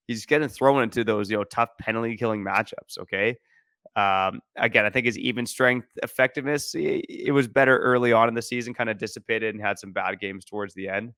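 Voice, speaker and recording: A man's voice: on the low side, fairly bright tone, no echo, clean studio sound. A man co-hosting a casual sports podcast, laying out stats in a laid-back way and laughing easily. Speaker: podcast co-host.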